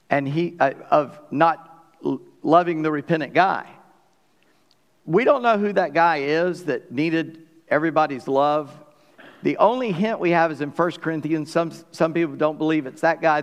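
Man, pastor, folksy conversational sermon, slightly high voice, long hall reverb. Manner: conversational, folksy preaching with asides to the congregation.

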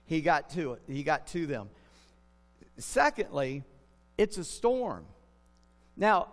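High-voiced man preaching in a reverberant hall. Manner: conversational preaching, asks the crowd questions. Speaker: pastor. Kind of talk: sermon. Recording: long reverb of a large hall.

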